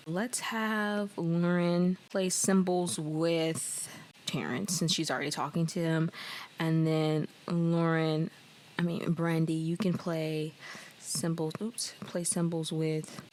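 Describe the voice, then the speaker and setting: A woman's voice: low-pitched, a little hiss or hum. A young woman giving casual, chatty commentary over a life-sim game, often laughing and apologizing, sometimes slipping into voices for her characters. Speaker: let's play host.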